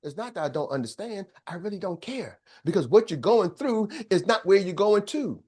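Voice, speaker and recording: A man's voice: high voice, expressive, normal speed, a little mellow, husky. An older man giving a motivational business coaching talk, emphatic and preacher-like, often checking in with his listeners.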